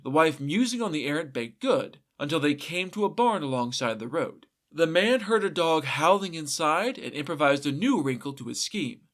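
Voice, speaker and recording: A man's voice: fairly high pitch, animated, moderate pace, hardly any pauses, a bit bright. A man hosting a comedy mythology podcast, narrating a folktale with irreverent, sweary asides. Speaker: podcast host and storyteller. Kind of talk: comic folklore narration.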